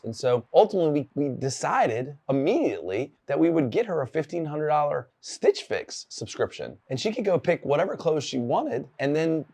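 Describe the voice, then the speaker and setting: A man's voice: fairly high pitch, animated, normal speed, hardly any pauses, a little mellow. A man giving a solo talk on workplace leadership, candid and earnest as he tells a personal story and urges listeners to act.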